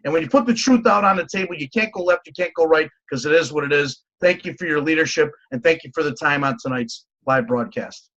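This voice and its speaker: A man's voice: on the high side, quick pace, fairly bright tone. A man speaking as a panel guest on a webinar, emphatic and preachy, repeating his points. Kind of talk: motivational webinar talk. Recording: lo-fi webinar audio.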